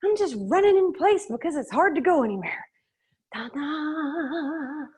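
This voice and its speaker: A woman's voice: very high voice, very animated, quick pace, darkish tone. A middle-aged woman instructing a live workout class, upbeat and joking, counting out reps and slightly out of breath. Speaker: fitness and yoga instructor.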